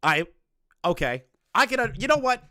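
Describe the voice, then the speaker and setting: A man's voice: sits high, very animated, normal speed, bright, forceful tone, no echo, studio quality. A man giving sarcastic, mocking reaction commentary, swearing freely as he reacts to a video. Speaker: reaction streamer.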